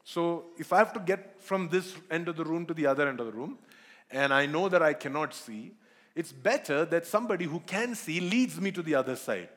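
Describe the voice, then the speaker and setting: A man's voice: fairly high pitch, expressive, fairly quick, fairly bright tone. A man preaching a sermon in church, earnest, repeating himself and asking the congregation questions. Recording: long hall reverb.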